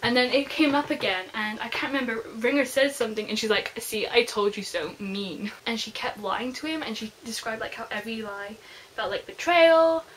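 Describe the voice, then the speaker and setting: A young woman talks through a book as an eager fan would, her voice sitting a little high. She rambles casually with plenty of "like" and asides. A faint hiss runs under the recording. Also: brisk, poor audio. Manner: chatty, gushing fan, lots of "like". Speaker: book reviewer. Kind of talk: casual spoiler book review.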